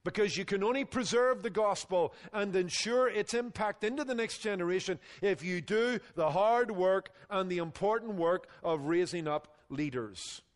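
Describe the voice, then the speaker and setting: A male pastor preaching a sermon with emphatic delivery that drops low and quiet on key phrases. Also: moderate pace, few pauses, long reverb tail.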